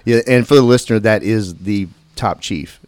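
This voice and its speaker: A man's voice: lowish voice, moderate pace, darkish tone, no echo. A man hosting a podcast, joking and laughing with his guests, often restarting his sentences. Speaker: podcast host. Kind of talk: casual podcast chat.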